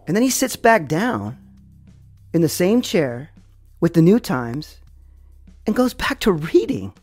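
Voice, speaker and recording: A man recounts a personal story at an unhurried, dramatic pace, sprinkling in fillers. His pitch rises and falls expressively. The sound is dry and close, with faint music beneath. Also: sing-song, a little mellow, dry recording. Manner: slow, dramatic delivery with many fillers. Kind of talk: first-person spoken storytelling.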